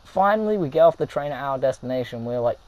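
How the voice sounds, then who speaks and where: A young man tells a funny story to his viewers in a casual, animated way. He laughs and acts out what people said. His voice sits at an average pitch, recorded close and dry with no room sound. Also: fast talker, dry recording, low-quality recording. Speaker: vlogger.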